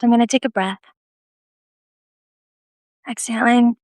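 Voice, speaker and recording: A woman telling a personal story in a casual live video, animated and self-deprecating, often laughing. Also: medium pitch, normal speed, dry recording. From United States.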